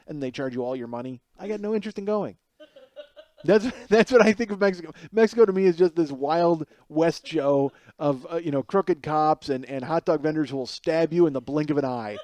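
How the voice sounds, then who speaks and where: A man's voice: fairly high pitch, dry recording. A middle-aged man hosting a podcast, telling a comedic story with lots of swearing and acting out the people he quotes. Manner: profane, animated, acts out quoted people. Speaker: podcast host.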